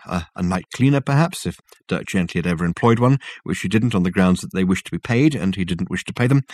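A man reads a novel aloud in a measured, wry manner. His voice sits fairly low, and the recording is close and dry with no room sound. Steady, clear audiobook narration. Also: no echo. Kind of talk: scripted narration.

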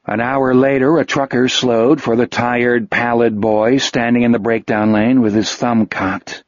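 A man reading a novel aloud as narrator, in a measured, steady storytelling manner. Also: mid-range voice, dry recording. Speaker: audiobook narrator. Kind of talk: scripted narration. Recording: dull, dry lo-fi audio.

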